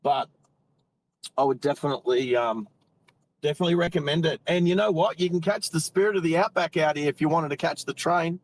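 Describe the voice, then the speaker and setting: A man's voice: on the high side, brisk, slight background noise, poor audio. An Australian man hosting a live driving stream, chatting casually and rambling while he drives and greets viewers by name.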